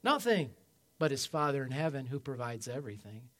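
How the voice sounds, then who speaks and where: A man preaching a sermon as pastor, emphatic, swinging from loud peaks to quiet low passages and calling for amens. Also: fast talker. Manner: asks the congregation for amens.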